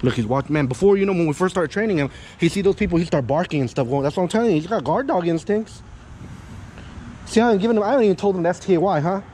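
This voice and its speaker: A man's voice: high voice, lively intonation, rapid-fire, dark tone, a little hiss or hum, low-quality recording. A man working as a dog trainer, explaining a session to an owner outdoors near parked cars. He talks a lot, keeps checking in with "yeah?" and "okay?", and swears casually. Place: outdoors by a parking area with cars.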